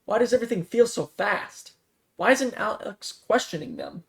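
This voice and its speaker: A man's voice: high voice, huge pitch swings, moderate pace, gravelly, voice pushed up, full character voice. A man reading a grumbling cold survivor. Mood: puzzled. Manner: grumbling, sarcastic. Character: irritable young male survivor in the cold.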